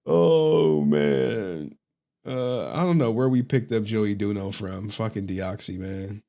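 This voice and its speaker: A man's voice: lowish voice, fairly even intonation, normal speed, dark tone. A man hosting a livestream, chatting casually in a loose, profane, joking way and laughing often. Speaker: livestream host.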